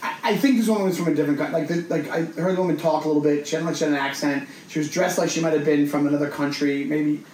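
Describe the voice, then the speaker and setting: A man with a somewhat high voice tells a story in a loose, chatty way and slips into the voices of the people in it. He is recorded in an echoey room, with a faint hiss underneath. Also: rapid-fire, few pauses. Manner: animated storyteller who acts out other people's voices. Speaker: podcast co-host. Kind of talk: casual storytelling chat.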